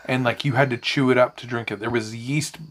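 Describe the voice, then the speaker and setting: On a podcast, a co-host launches into a lengthy, rambling tale, speaking a little fast in a medium pitch. It's a casual chat, and he curses freely as he animates his anecdotes.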